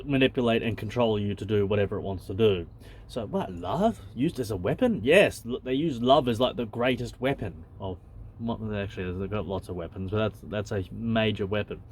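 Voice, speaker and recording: A man's voice: on the low side, moderate pace, darkish tone, breathy edge. A man, a channel host who reads a spiritual text aloud and comments on it in a blunt, loose and conversational way, swearing freely.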